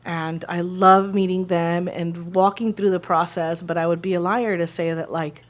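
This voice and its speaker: Woman, 30s, low-pitched, emotional podcast co-host who rambles and fights tears. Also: fairly even intonation, normal speed. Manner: rambling, emotional, many fillers. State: holding back tears. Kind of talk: casual heartfelt conversation.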